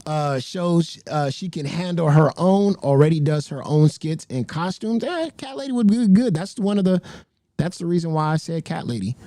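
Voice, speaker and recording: A host speaks straight to the chat in a loose, profane commentary style and breaks into laughter again and again. The pitch swings widely from line to line. The sound is dry and close, with no room echo. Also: normal speed. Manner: laughs often, swears freely, animated. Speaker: livestream host. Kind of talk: casual livestream commentary.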